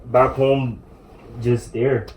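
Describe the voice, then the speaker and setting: A man's voice: mid-range voice, flat delivery, drawn-out words, darkish tone. A young man, laid-back and teasing as he pranks his wife at home.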